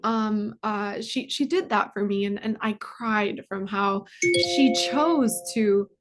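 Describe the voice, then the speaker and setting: A woman's voice: mid-range voice, slow pace, faint music behind. Earnest young woman with lots of fillers. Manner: heartfelt, many fillers and restarts. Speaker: guest, foundation communications manager. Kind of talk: casual interview answer.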